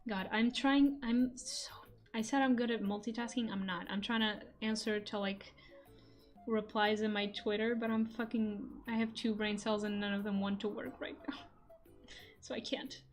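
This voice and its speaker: A young European woman with a mid-range voice talks loosely with her live chat, laughing often and dropping the odd curse word. She speaks into a desk mic at home. Faint music plays low under her voice. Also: fairly even intonation, normal speed. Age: young adult. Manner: chatty, laughs often, swears casually, reads chat aloud. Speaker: streamer and voice actor. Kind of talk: casual chat stream. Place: home room. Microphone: microphone on a desk stand.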